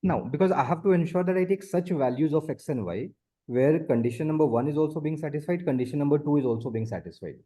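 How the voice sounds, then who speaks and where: Talking fast in a mellow voice on the high side, a math tutor works one on one with a student. He goes step by step, repeats himself for emphasis, and frequently uses the student's name.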